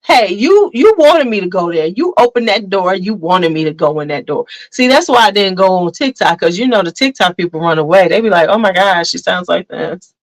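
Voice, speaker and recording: This perfume reviewer has a medium-pitched, expressive voice and speaks a little fast with few pauses, though the audio is poor. Chatting casually in her fragrance vlog, she's blunt and honest and keeps saying "y'all."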